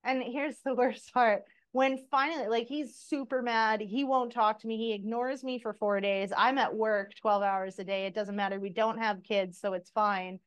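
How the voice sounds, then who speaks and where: A woman co-hosting a podcast tells stories in a candid, animated way. She swears freely and laughs along with her own stories. Her voice sits a little high. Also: normal speed, hardly any pauses, clear, resonant tone. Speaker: podcast co-host. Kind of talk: casual chat.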